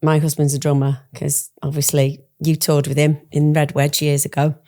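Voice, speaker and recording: A woman's voice: low voice, completely flat delivery, moderate pace. A middle-aged woman hosting a podcast, chatting casually, telling stories and laughing easily. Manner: chatty, warm laughter, storytelling. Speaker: podcast host. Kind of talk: casual chat.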